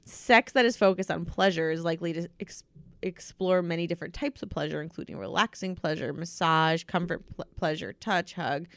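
A woman's voice: lowish voice, a little fast, no room sound. A woman co-hosting a podcast in casual chat, crude and teasing, laughing often. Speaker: podcast co-host.

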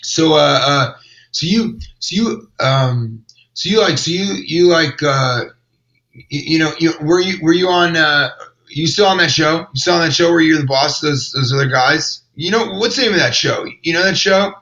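A man's voice: fairly high pitch, normal speed, sharp tone, reverberant, poor audio. A man voicing a dim, confused male bodyguard who stammers and gropes for words. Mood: fumbling.

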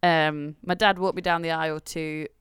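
A woman's voice: sits low, steady tone, moderate pace, a bit bright, smooth, no room sound, clean studio sound. A young woman, co-hosting a podcast in casual chat and telling stories with lots of giggles. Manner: chatty, giggly storytelling. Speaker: podcast co-host.

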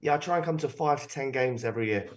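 A man's voice: medium pitch, fast. A man from London with a London accent, a guest on a casual podcast, modest and self-deprecating. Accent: London English. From London, England. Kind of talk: casual chat.

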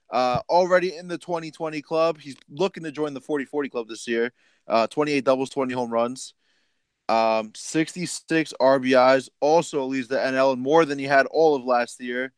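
A man's voice: medium pitch, normal speed, clear, resonant tone, no room sound. A man co-hosting a casual sports chat, laid back and teasing, rattling off stats. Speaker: podcast co-host.

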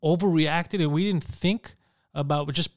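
A comedian talking in a casual podcast chat, profane and animated, laughing often. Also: male voice, fairly high pitch, a little slow, no room sound, studio quality.

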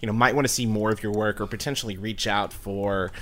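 A man's voice: fairly low pitch, fairly even intonation, quick pace, fairly bright tone. A man hosting a podcast, interviewing a guest with eager, effusive praise. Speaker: podcast host.

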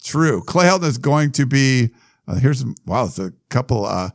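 A man co-hosting a sports podcast in casual chat, reading listener questions out loud with loose asides. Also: medium pitch, lively intonation, moderate pace, vocal fry, no room sound, clean studio sound. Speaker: podcast co-host.

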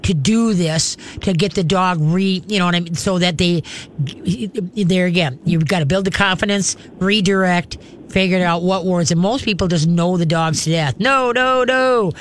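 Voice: mid-range voice, steady tone, moderate pace, slight background noise. A radio host and dog trainer giving chatty, hands-on advice to callers on a call-in show. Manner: chatty and instructive, acts out dog commands.

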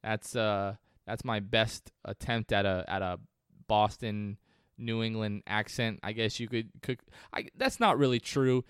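A man's voice: lowish voice, normal speed, few pauses, a bit bright, clean tone, dry recording, studio quality. A man hosting a sports podcast, talking through a game in a casual, conversational way that wanders off on tangents. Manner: conversational, digressive. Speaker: podcast host.

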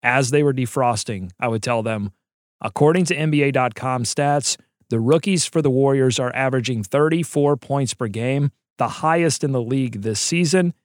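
A man co-hosting a sports podcast in an animated, joking way. His voice sits at an ordinary pitch and swings up into bursts of excitement. The sound is close and dry. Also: normal speed, dry recording. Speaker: podcast co-host. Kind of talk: casual sports podcast chat.

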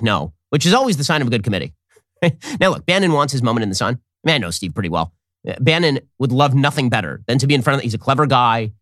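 Quick talking guy, sarcastic, voice jumps all over, dry studio sound. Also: mid-range voice, no echo. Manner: sarcastic, animated. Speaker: host. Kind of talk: political commentary monologue.

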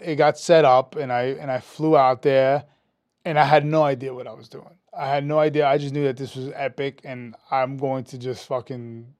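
A man, a metal musician guest telling an animated, profane story in a casual interview, raising his voice when quoting people. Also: medium pitch, no echo. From New York. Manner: animated, profane, acts out quotes with a rising voice.

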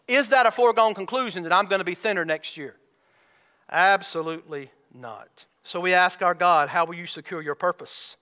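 A man's voice: high voice, pushed and bright. A man preaching a sermon as a pastor, stretching out key words and firing rhetorical questions at his congregation. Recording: hall reverb.

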